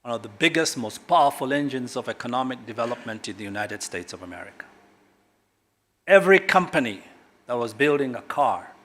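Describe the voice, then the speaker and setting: A middle-aged man from Kenya, a government guest speaker at a corporate launch, speaks emphatically and swings sharply between loud and quiet. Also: medium pitch, expressive, a little fast. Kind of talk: public speech at a corporate launch.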